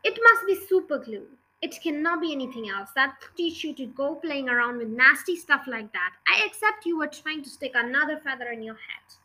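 A woman voicing a sharp-tongued, dismissive mother in a storybook reading. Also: high-pitched, lively intonation, normal speed, hardly any pauses, full character voice. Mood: scolding. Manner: scolding, dismissive.

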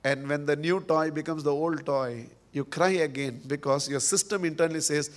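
High-voiced Indian man giving a spiritual discourse. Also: normal speed, hardly any pauses. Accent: Indian English. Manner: storytelling, acting out voices of child and uncle; dynamic, swinging between soft and emphatic. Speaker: spiritual teacher.

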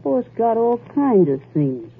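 An actress playing a bold, greedy young wife in a 1940s radio drama, with a drawling, taunting rural way of talking, on a tinny old radio broadcast. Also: female voice, on the high side, sing-song, measured pace, breathy edge, full character voice. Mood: scheming.

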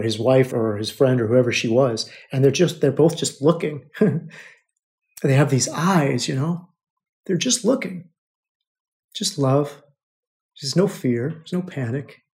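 A man from the United States hosts a storytelling podcast, talking straight to his listeners. His voice has a gravelly, fry-tinged texture at an ordinary middle pitch. He repeats phrases and gets openly emotional as he tells the story. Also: darkish tone. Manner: emotional, repetitive, addresses listeners as brothers. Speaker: podcast host. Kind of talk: personal storytelling monologue.

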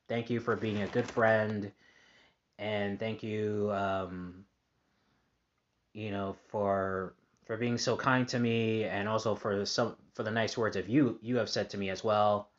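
A man talks through his week in a casual podcast monologue, upbeat and rambling, with plenty of fillers and restarts. His voice sits a bit low. The recording sounds dull and lo-fi. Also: steady tone, a little slow. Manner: upbeat, positive. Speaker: podcast host.

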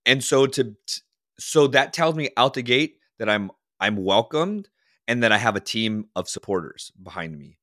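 A man's voice: mid-range voice, moderate pace, dry recording, studio quality. A man guest on an interview podcast, talking casually and acting out voices of the people in his stories. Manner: animated storyteller acting out quoted dialogue. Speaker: podcast guest, leadership consultant.

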